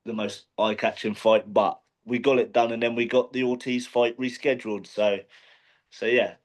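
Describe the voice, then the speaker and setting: A man in a casual interview, speaking at an ordinary mid pitch. He rambles through his story with fillers and restarts. His tone is plain and conversational. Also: little pitch movement, normal speed. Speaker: professional boxer, interview guest.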